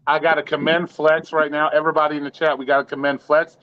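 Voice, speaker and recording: A man's voice: a little high, little pitch movement, fast talker, no room sound. A man hosting a casual live-stream chat, joking and swearing in a laid-back way. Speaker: show host. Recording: dry, dull lo-fi sound.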